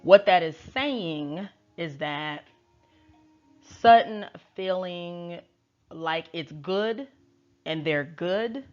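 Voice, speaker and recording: A woman's voice: lowish voice, very slow, pauses often, darkish tone, faint music behind. A woman tarot reader recapping in a chatty, slangy and wry casual way. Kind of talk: casual chat. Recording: dull lo-fi recording.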